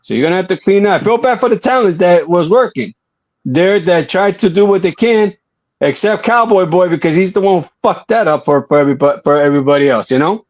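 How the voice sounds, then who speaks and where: A man with a high, lively voice gives earnest commentary on a wrestling podcast. He stretches out words for emphasis and swings his pitch up and down as he makes his case. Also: lo-fi sound. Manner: earnest, drawn-out emphatic delivery. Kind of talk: casual opinion commentary.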